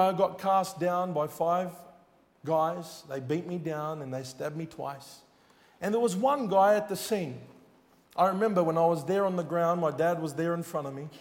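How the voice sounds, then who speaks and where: A man's voice: sits high, darkish tone. A man preaching a sermon, telling a personal testimony in an earnest, storytelling way with rising emphasis. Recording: long hall reverb.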